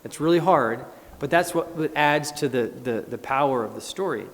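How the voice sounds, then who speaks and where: A man, a pastor, preaching a conversational, animated sermon in a church and acting out scripture. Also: medium pitch, moderate pace. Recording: echoey church hall.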